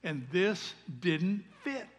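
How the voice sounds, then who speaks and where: A male pastor preaches a sermon in a church sanctuary, his voice sitting a little high for a man. He talks earnestly, swinging from loud calls to hushed asides. A long reverb from the hall hangs after his words. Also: sing-song, drawn-out words.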